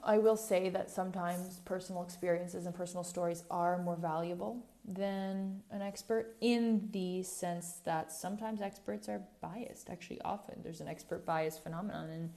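A woman's voice: lowish voice, fairly even intonation, normal speed, hardly any pauses, dark tone. A woman hosting a podcast, talking in a candid, rambling way with frequent self-corrections and asides, a little preachy. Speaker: podcast host. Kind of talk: casual podcast monologue.

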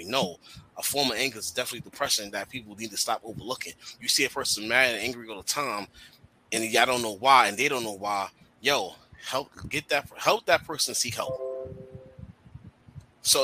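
A man talking in a casual podcast chat, animated and slangy, swearing freely. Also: medium pitch, slight background noise, low-quality recording.

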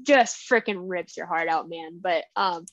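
A woman's voice: on the low side, measured pace, highs cut off, crowd noise. A young woman co-hosting a book podcast, chatting casually and emotionally, with lots of "like" and fillers. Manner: gushing, emotional, filler-heavy. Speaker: podcast co-host. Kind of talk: casual chat.

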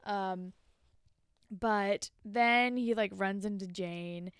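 A woman's voice: drawn-out words, clear, resonant tone, no room sound, clean studio sound. A young woman co-hosting a casual podcast, recapping a TV episode and acting out the characters' lines. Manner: chatty, acts out characters' lines with big pitch jumps. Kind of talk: casual chat.

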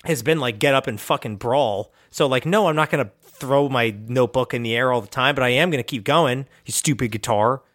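A man's voice: mid-range voice, brisk, few pauses, fairly bright tone, no room sound, close to an everyday voice. A man voicing a defiant, stubborn dragon woman. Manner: brash and profane. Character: defiant female dragon monk, stubborn and scrappy.

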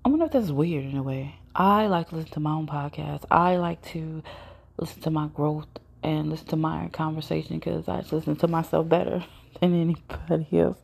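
A woman's voice: deep voice, a little fast, creaky, darkish tone, slightly rough. A woman hosting her own podcast, telling personal stories in a blunt, profane, casual monologue. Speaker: podcast host.

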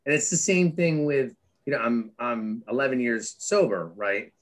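A man's voice: medium pitch, normal speed. A middle-aged man, a guest speaking candidly in an interview, with many restarts and fillers as he tells stories animatedly. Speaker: guest, author and former Wall Street trader.

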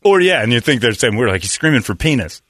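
A middle-aged man from Phoenix, hosting a radio show and telling stories with animated, acted-out voices. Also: medium pitch, fast. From Phoenix, Arizona. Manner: animated storyteller, acts out characters in raised voices. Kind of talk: casual morning show banter and storytelling.

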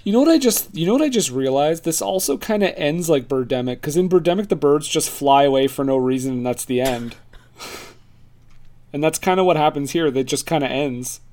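A man's voice: a little high, lively intonation, fairly quick, darkish tone. Man, podcast co-host, casual chat, jokey, reads reviews aloud. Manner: jokey, laughs at his own quips.

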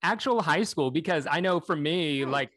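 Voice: medium pitch, animated, normal speed, fairly bright tone, dry recording. A young adult co-host interviewing a guest, eager and tripping over words. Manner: eager, stumbles and repeats words. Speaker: podcast co-host. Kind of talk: casual interview chat.

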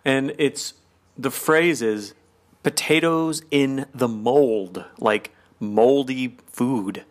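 A man's voice: medium pitch, very slow. A man co-hosting a podcast, chatting casually and fondly about a sitcom episode, with lots of fillers. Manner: chatty, many fillers, gushing. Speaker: podcast co-host.

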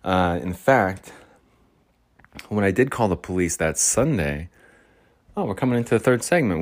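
A man with a low, animated voice hosts a solo podcast, rambling along at a normal speed and pausing often. He wanders from point to point, chuckling and poking fun at himself as he goes.

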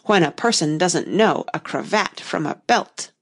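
A woman's voice: lowish voice, measured pace, creaky, breathy edge, full character voice. A woman putting on a pompous touchy egg man. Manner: pompous, argumentative. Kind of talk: audiobook reading.

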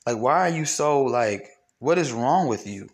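A man's voice: medium pitch, expressive, unhurried. A young man hosting solo commentary, blunt and profane, ranting with mocked quotes. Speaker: commentary host.

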